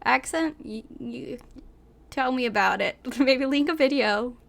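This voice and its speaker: A woman's voice: sits high, unhurried, gravelly, fairly bright tone. A young woman reading a story aloud and breaking off for giggly, chatty asides full of "like".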